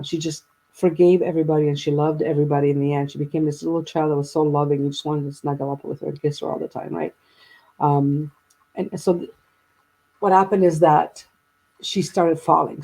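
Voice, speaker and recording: Mellow, husky woman telling a story. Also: sits low, low-quality recording. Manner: rambling, with many restarts and quoted dialogue. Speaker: guest. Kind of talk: personal storytelling in a conversation.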